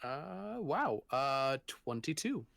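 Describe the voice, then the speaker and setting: A man's voice: medium pitch, very animated, slow pace, gravelly, fairly bright tone. A man playing a tabletop game, speaking hesitantly with stammers and fillers. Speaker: player.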